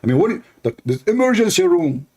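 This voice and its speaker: A man's voice: high voice, sing-song, dark tone, husky. A man hosting a livestream, telling a mocking story in a casual, joking way and slipping in Arabic phrases. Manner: fast, mocking, laughing, switches into Arabic phrases. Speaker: livestream host.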